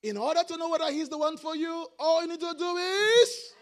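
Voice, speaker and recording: A middle-aged male pastor preaching a sermon, rising into shouted, sing-song emphasis. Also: extremely high pitch, a little fast.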